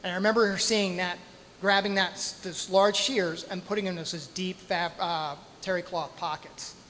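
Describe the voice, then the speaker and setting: A man with a high voice tells a dramatic story live on stage, drawing it out with pauses and spoken sound effects, poking fun at himself along the way. The hall's long reverb trails after each phrase, with faint ambience underneath. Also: fairly even intonation, a bit bright, a little hiss or hum. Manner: self-deprecating humor. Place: stage in a hall at a storytelling night.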